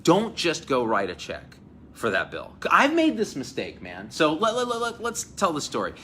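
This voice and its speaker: Animated forty-something man hosting a live chat. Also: fairly high pitch, moderate pace, slight background noise. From New Jersey, US. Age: 40s. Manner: animated, storytelling, acts out quotes. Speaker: host. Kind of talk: energetic live-stream chat. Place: hotel event space with crowd.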